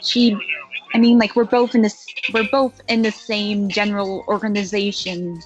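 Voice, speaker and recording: A woman's voice: mid-range voice, little pitch movement, normal speed, slightly rough. A woman taking part as a player in a tabletop role-play, speaking hesitantly with many fillers. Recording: muffled lo-fi audio with faint music.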